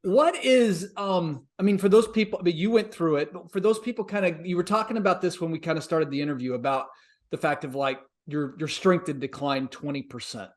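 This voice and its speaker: A man's voice: fairly high pitch, a little fast. A man hosting an interview podcast, asking long rambling questions with restarts. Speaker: podcast host.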